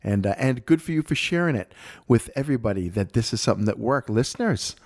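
A man co-hosting a podcast in casual chat, telling animated stories and acting out the quoted lines. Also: mid-range voice, fast. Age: adult. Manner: animated storyteller, acts out quotes. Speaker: podcast co-host.

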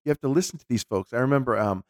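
A man's voice: mid-range voice, rapid-fire, dry recording, studio quality. A man co-hosting a podcast, chatting casually and telling stories animatedly, sometimes slipping into voices. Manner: animated storyteller, drops into voices. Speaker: podcast co-host. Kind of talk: casual chat.

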